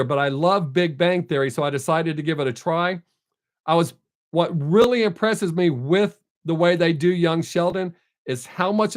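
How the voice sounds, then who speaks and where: Dude live streaming, kinda high pitched, blunt no-filter talk, just chatting with chat. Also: male voice. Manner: blunt, unfiltered, reads out viewer names.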